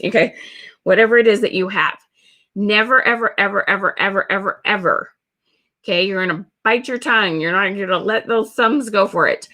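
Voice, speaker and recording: Bright, emphatic woman sales coach. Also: medium pitch, moderate pace. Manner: emphatic, repeats words for stress. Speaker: social media sales coach. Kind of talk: webinar teaching.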